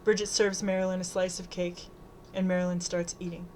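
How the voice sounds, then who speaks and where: A woman narrating a novel aloud in a steady, plain reading voice. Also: lowish voice, fairly quick, a little hiss or hum, low-quality recording.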